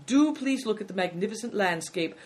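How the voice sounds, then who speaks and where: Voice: animated, a little fast, lightly acted. A narrator doing a fawning old innkeeper. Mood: flattering. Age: older. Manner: obsequious, gushing, shrill exclamations.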